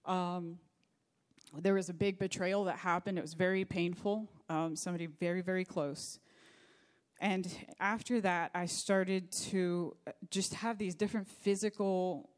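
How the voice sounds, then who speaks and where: A woman's voice: fairly low pitch, a little mellow. A middle-aged woman pastor preaching a sermon, telling a personal story in an earnest, faith-focused way.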